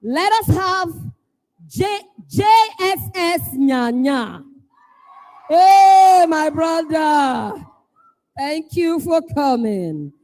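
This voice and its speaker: A Nigerian woman hosting a live event, calling out schools one by one, playful and teasing, often shouting to get the crowd going. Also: high-pitched, very animated, slow pace. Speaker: event host.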